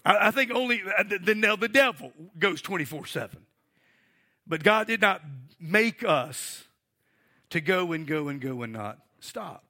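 A man's voice: sits high, animated, unhurried, pushed and bright. A middle-aged male pastor preaching a sermon, emphatic and asking the congregation for responses.

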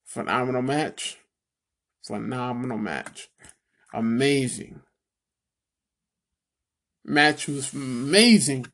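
A gravelly, medium-pitched man takes it slowly with long pauses as he rants solo about wrestling for his vlog. Rambling and full of fillers, he calls his viewers "people," then gets worked up, shifting from excited to angry and cursing.

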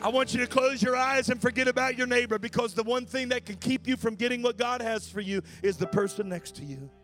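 A male pastor. He swings between shouted, sing-song preaching and quiet, conversational asides. Music plays clearly underneath him. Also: very high-pitched, fairly even intonation, quick pace. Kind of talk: sermon.

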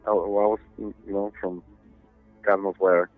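A man on the low side, with a flat delivery at normal speed, tells a lengthy story as a podcast guest. He rambles in casual chat, swears often and leans on "you know" to fill gaps. The audio is tinny and phone-like, with faint music.

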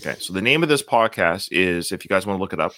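A man's voice: low voice, expressive, quick pace, pushed and bright. A man hosting a movie podcast, chatting casually and teasing, laughing often. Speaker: podcast host.

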